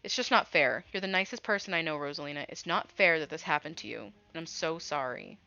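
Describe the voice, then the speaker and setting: A woman voicing a tearful teen girl in a game, speaking softly and apologetically. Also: deep voice, brisk, dry recording, dull audio. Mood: distraught. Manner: soft, apologetic, shaky. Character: tearful teen girl comforting her friend.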